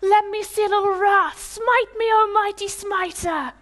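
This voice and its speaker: Woman doing a brash, sarcastic biblical patriarch, shrill, loud, challenging. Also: a little slow. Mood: defiant. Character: angry, broken biblical patriarch defying God.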